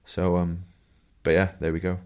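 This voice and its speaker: A Welsh man and former pro cyclist, co-hosting a casual podcast and telling race stories in a relaxed way. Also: low voice, normal speed. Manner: relaxed storytelling with laughs and asides.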